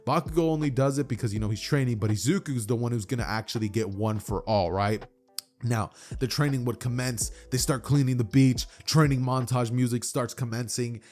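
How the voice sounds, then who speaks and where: A man's voice: medium pitch, brisk, darkish tone, soft background music. A man casually retelling a fan story as a YouTube narrator, chatty and full of "you know" and "like".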